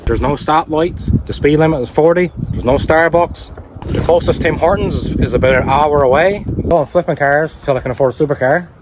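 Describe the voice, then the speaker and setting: A man's voice: a little high, fairly quick, background noise. A man with a Newfoundland accent chatting casually in a vlog about flipping cars, plain-spoken with dry humour. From Newfoundland, Canada. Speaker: car-flipping YouTuber.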